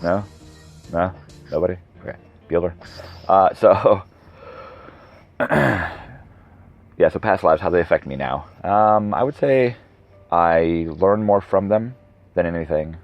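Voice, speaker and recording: A man in his thirties hosts a podcast on his own, speaking in a deep voice at a slow pace with long pauses, and the recording is dry. He rambles, goes on tangents, and revises what he says as he talks. The sound is dull and lo-fi, with music in the background.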